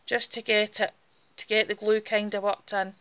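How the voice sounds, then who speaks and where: A woman's voice: mid-range voice, little pitch movement, moderate pace, fairly bright tone. A woman with a Scottish Borders accent, chatting casually through a step-by-step craft demonstration while she works with her hands. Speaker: craft tutorial host.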